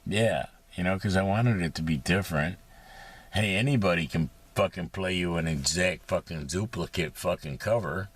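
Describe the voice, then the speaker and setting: A man's voice: sits low, normal speed, slightly rough. A man rambling in a casual monologue from inside his parked vehicle, profane and sarcastic, with many fillers. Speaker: vlogger.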